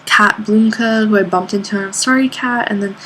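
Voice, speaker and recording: Young woman talking at a middle pitch with faint background noise behind her. She tells her story in a casual, rambling way, stacks up "like" fillers, and leaps into a higher voice whenever she acts out what someone said. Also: steady tone, brisk, a bit bright, rough recording. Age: young adult. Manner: rambling, lots of "like" fillers, acts out quoted people with sudden high pitch jumps. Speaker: art student vlogger. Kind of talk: casual spoken recollection.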